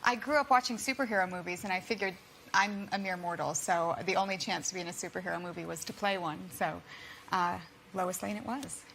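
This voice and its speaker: A woman guest on a talk show, answering in a soft, matter-of-fact way. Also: fairly low pitch, fairly quick, gravelly, a little hiss or hum, poor audio.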